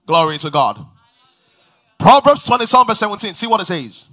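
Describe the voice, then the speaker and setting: A man's voice: high voice, very animated, a little fast, sharp tone. A man preaching a sermon to a large church congregation, emphatic and drawing responses from the crowd. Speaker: pastor.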